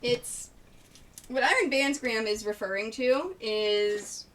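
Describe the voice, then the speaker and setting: Woman streamer, chatty, greets viewers while she sews; bright, fairly high voice, distant mic. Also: lively intonation, slow. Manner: chatty, thinks aloud, greets viewers by name. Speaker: live-stream quilter and pattern designer. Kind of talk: casual live-stream chat while sewing. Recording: distant mic with faint noise.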